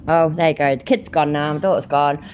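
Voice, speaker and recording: A woman's voice: deep voice, steady tone, brisk, darkish tone, a little hiss or hum. A woman hosting a casual commentary channel from home, sarcastic, swearing freely and laughing easily.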